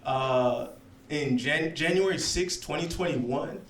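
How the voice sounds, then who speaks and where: A man's voice: a little high, takes it slowly. A man performing a stand-up set in a lounge, telling stories with lots of check-ins to the crowd. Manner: animated storytelling with frequent check-ins to the crowd. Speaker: stand-up comedian. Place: comedy lounge with live audience. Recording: echoey club, faint room noise.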